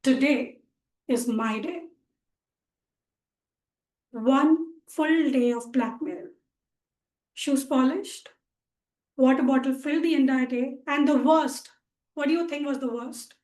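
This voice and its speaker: A young Indian woman delivers a comic contest speech, telling her story playfully with dramatic emphasis. Her voice is high and she speaks at an unhurried pace. The video call audio has a roomy echo. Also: darkish tone. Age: 20s.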